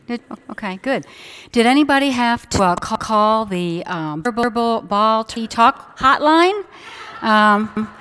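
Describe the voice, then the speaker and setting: A woman's voice: fairly high pitch, a bit bright. Older woman preaching with chatty humor. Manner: chatty, joking asides to the congregation. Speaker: pastor. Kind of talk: sermon. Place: church sanctuary.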